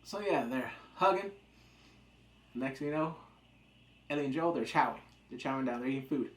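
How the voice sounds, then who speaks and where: A man's voice: mid-range voice, lively intonation, moderate pace. Rambling man recapping a show, roomy echo. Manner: rambling, jokey, acts out quotes. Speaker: TV episode reviewer. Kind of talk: casual recap chat.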